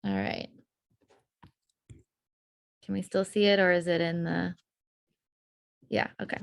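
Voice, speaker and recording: A woman's voice: lowish voice, little pitch movement, slow pace, creaky, dry recording, clean studio sound. A young woman, a tree historian, presenting casually on a video call, chatty and full of fillers and small laughs. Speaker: tree historian giving a talk.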